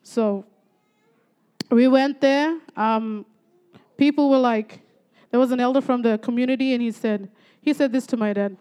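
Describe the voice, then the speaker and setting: High-voiced woman. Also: normal speed, long pauses, smooth, dull audio. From Torres Strait, Australia. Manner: lively storytelling with frequent praise interjections. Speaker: church speaker giving testimony. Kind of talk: church testimony.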